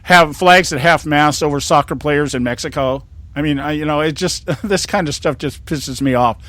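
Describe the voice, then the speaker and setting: A man's voice: a little high, normal speed, a bit bright. A man in his sixties from California, hosting a talk show in a rambling, indignant monologue with many restarts. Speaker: host.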